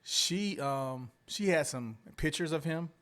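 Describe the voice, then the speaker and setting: Man, slightly high voice, hesitant storytelling, casual podcast. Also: animated, slow pace, fairly bright tone. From Atlanta, US. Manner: recounts a story with many "um"s and "I guess"es. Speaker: podcast co-host.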